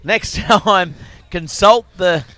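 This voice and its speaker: A man commentating a live rugby sevens match, excitable and rising to shouts at tries. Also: high voice, extremely slow, dry recording. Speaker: sports commentator.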